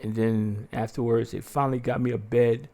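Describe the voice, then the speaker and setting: Guy ranting through a story on his podcast, cursing a lot, mid pitch, pops up high when he does other people's lines. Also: normal speed, creaky. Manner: profane, animated, acts out quotes in a raised voice. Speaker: podcast host. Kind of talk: casual storytelling chat.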